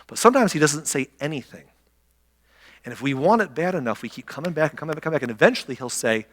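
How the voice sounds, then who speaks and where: A middle-aged man preaching a sermon as a pastor, telling stories and acting out quotes with animated energy. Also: a little high, fast talker, big-room sound. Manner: animated storytelling, acts out quotes. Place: church sanctuary.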